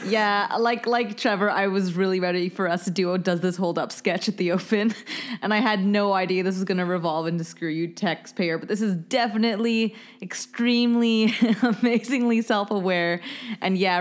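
A woman's voice: mid-range voice, fairly even intonation, normal speed. A woman in her thirties co-hosting a casual podcast, chatting and laughing. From England. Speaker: podcast co-host.

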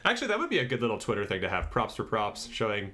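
A man co-hosting a podcast who chats casually and makes wry, deadpan jokes. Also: fairly low pitch, very fast, crowd noise. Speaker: podcast co-host. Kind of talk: casual chat.

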